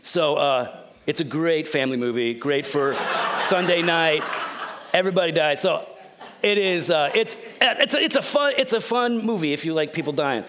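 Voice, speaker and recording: A pastor giving a sermon in a joking, conversational, storytelling manner. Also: male voice, fairly high pitch, normal speed, a bit bright.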